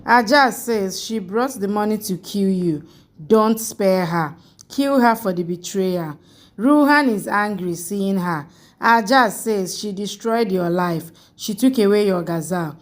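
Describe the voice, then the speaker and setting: A woman narrating a soap opera episode recap, reading characters' lines in a flat, even way. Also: medium pitch, unhurried. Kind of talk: scripted plot recap narration.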